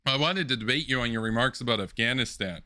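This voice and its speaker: A man's voice: medium pitch, pushed and bright, no echo. Dry-miked man hosting a debate with lots of uhs. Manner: measured, many filler ums and uhs. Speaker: debate host. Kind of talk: online political debate.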